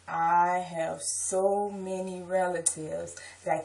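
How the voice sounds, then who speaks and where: Low-voiced woman with a New Orleans accent. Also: darkish tone, distant mic, low-quality recording. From New Orleans, Louisiana. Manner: unhurried, slips in "um" before each word. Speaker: vlogger. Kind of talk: casual accent tag video, reading a word list.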